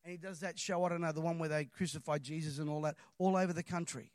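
A man preaching a sermon in a church, impassioned and rising to loud emphatic calls. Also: fairly high pitch, steady tone, quick pace, dry recording, clean studio sound.

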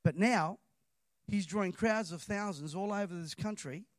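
A man preaching a sermon in a church, impassioned and rising to loud emphatic calls. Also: high voice, normal speed, no echo, studio quality.

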